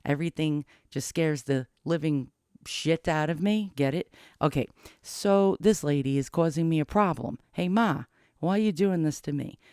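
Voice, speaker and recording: A middle-aged man rambling anxiously to camera in a casual confessional vlog, cursing often and cracking dark jokes. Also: fairly high pitch, moderate pace, clear, resonant tone, no echo, studio quality. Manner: rambling, profane, darkly joking. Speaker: vlogger.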